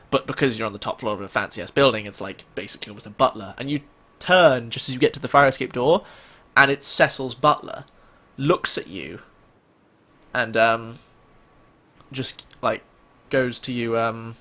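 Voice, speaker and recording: A man's voice: medium pitch, fairly bright tone. A man narrating as game master, rambling with many fillers.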